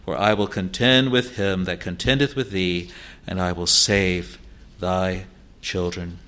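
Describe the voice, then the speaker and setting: A man preaching a sermon in an earnest, pleading manner, slowing for scripture and rising to emphatic peaks. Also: deep voice, steady tone, bright, forceful tone. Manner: slow, deliberate delivery of scripture.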